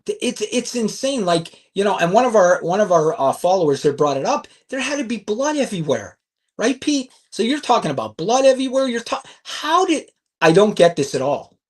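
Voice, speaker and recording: An excitable man co-hosts a true-crime podcast, his voice swinging widely in pitch. He talks emphatically and swears freely. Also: fairly quick. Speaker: podcast co-host.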